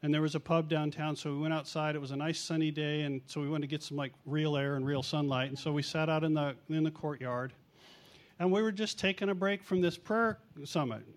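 A middle-aged man preaching through a story, with a slightly high voice. He talks casually, pokes fun at himself and acts out what others said. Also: steady tone, fairly quick. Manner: chatty, self-mocking, acts out quotes. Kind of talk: storytelling sermon.

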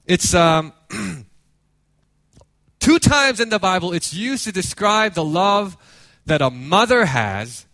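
A man preaching a sermon as a pastor, telling a story in an animated way with many restarts. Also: high voice, slow pace, long pauses, no room sound.

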